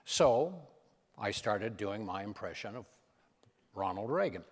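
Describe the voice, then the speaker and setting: Lively older comedian telling stories. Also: male voice, on the low side, measured pace, big-room sound. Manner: animated, punchline-driven delivery with playful quoted voices. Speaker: comedian and impressionist guest. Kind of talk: anecdotal stage storytelling. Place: event stage in a large hall.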